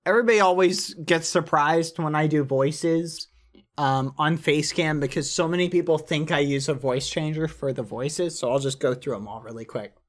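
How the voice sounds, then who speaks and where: A man's voice: a little high, normal speed. A man streaming live, chatting casually in a rambling, jokey way.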